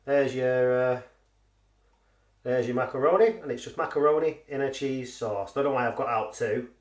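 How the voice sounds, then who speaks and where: A man at medium pitch and normal pace reviews a frozen pie for a casual vlog, sounding far away from the recorder. He's rambling, profane, and self-deprecating, and the echoey room leaves his voice off mic.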